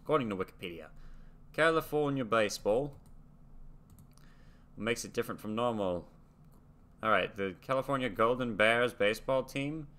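Hosting a reaction video, a young man from the United States casually reads facts aloud and muses before trailing off. His medium-pitched, fairly bright voice is animated, with a moderate pace and long pauses.

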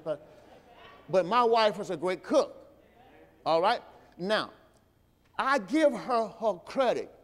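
A man, a pastor, preaching a sermon and calling out to his congregation for answers, rising louder and higher on his key points. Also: animated, a little slow. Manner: preaching with call-and-response to the congregation; rises in pitch and volume when stressing a point. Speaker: host. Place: church sanctuary. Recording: long hall reverb of a church.

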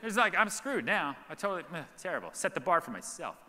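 Guy on stage telling stories, super bright tone, lots of "like", big echoey hall. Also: high voice, fast talker, slight background noise. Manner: animated, rambling, heavy use of "like". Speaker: guest speaker. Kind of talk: live Q&A storytelling. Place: large event hall on stage. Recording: reverberant event hall.

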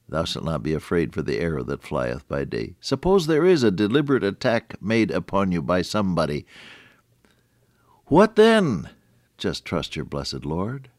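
Older guy preaching on the radio, deep voice that swoops up and down a lot, folksy and chatty. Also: no echo, studio quality. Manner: folksy and conversational, chuckling at his own jokes. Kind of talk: radio devotional sermon.

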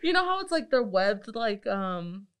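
Young woman, mid-range pitch, animated storyteller, laughing, casual podcast chat. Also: a little slow, clear, resonant tone. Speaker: podcast co-host.

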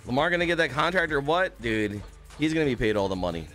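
A man's voice: medium pitch, sing-song, fast talker, a bit bright, faint music behind. A young man streaming a game, chatting casually and upbeat, greeting viewers by name and swearing now and then. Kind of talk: casual live-stream chat.

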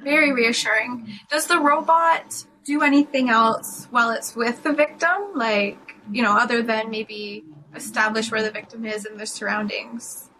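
A woman's voice: on the high side, moderate pace, pushed and bright, a little hiss or hum, poor audio. A woman interviewing a researcher, upbeat and encouraging. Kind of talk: live interview questions.

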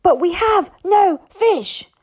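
A woman's voice: on the high side, huge pitch swings, normal speed, dark tone. A woman voicing an earnest young Viking boy who talks firmly and impatiently in a storybook reading.

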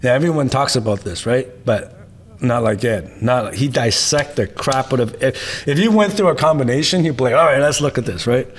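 A man with a mid-range voice talks through martial arts stories in an interview. He speaks emphatically and casually, stacking repeated lines and checking in with a quick "right?" now and then. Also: mid-range voice, lively intonation, slight background noise. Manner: emphatic, tags points with "right?"; repetitive rhetorical lists. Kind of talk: interview storytelling.

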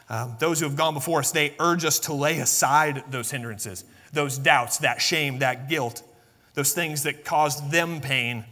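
A man preaching a sermon as pastor, swinging from soft, low musing to loud, high emphatic bursts. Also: in a large hall. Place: church sanctuary.

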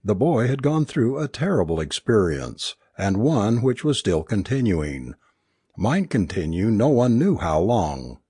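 A man narrating an audiobook with an expressive, varied storytelling delivery. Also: fairly low pitch, a little slow, breathy edge, no echo, clean studio sound.

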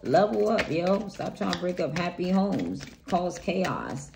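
A woman with a low voice runs through a tarot reading in a casual, blunt, heavily profane way, hyped-up and emphatic. The home recording carries clear background noise. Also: big pitch swings, measured pace. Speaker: tarot reader.

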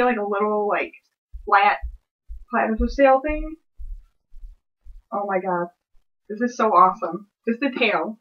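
A woman's voice: mid-range voice, moderate pace, pauses often, dull audio. A young woman vlogging an unboxing at home, gushing and giddy, with lots of filler words. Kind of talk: excited unboxing vlog.

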